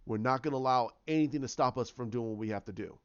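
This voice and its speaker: Man putting on a calm superhero, steady, matter-of-fact, muffled lo-fi sound. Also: medium pitch, fast, clean tone, no room sound, voice pushed down, natural voice. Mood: resolute. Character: calm resolute male superhero. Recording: dull lo-fi recording.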